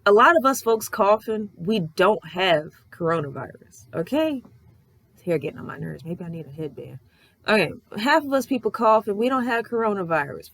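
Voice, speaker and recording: A young woman vlogger telling a story in a casual, animated way, swearing often and ranting in exasperation. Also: lowish voice, no echo.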